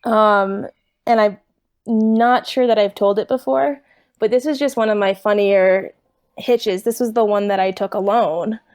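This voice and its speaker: A young woman telling a casual story as a podcast guest. Her voice sits at an ordinary middle pitch. She is animated and laughs easily as she acts out other people's lines. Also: unhurried. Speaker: guest, thru-hiker.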